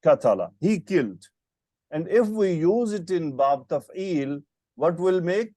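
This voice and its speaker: A man's voice: on the high side, animated, measured pace, warm tone, no room sound, studio quality. A man teaching Arabic grammar in an online lesson, patiently quizzing his student with short questions over a call. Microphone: computer mic on a video call.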